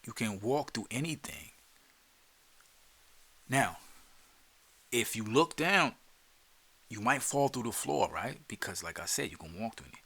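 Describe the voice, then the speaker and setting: Jersey-accented male podcast host, bright voice, streetwise coaching that slips into whispers. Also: medium pitch, expressive, slow pace, pauses often, slightly rough. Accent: New Jersey. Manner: loose and streetwise, repeats words, drops into whispers. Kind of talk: casual guided instruction.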